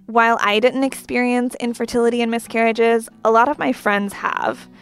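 Supportive woman in group chat, mid-pitch with gravel, faint guitar behind. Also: fairly even intonation, moderate pace.

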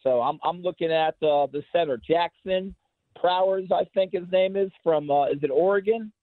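A man with an American accent calling in to a sports radio show, rambling and halting with many restarts. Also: high voice, no room sound. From England. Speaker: caller. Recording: tinny phone line.

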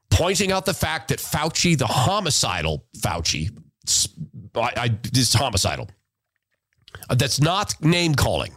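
Heated, animated male podcast host. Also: medium pitch, no room sound. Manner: heated, emphatic, sarcastic. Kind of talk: podcast commentary rant.

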